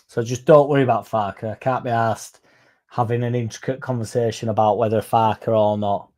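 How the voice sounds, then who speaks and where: A man's voice: medium pitch, steady tone, brisk, mellow. A young man hosting a fan stream, rambling casually, swearing now and then and reading out viewer comments. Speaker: fan channel host reading chat. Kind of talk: casual live-stream chat.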